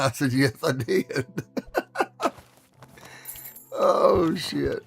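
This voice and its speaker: A man's voice: fairly high pitch, extremely slow, creaky, husky. A man telling folksy stories on a live stream, laughing often and acting out what people said. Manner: folksy, laughs often, acts out his quotes. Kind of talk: casual storytelling on a live stream.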